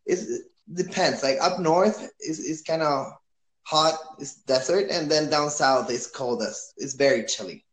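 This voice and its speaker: An easygoing man from Chile hosts a relaxed chat, asking questions and laughing often. His voice sits a little high for a man and rings in an echoey room. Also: a little slow. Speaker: podcast host. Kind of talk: casual chat.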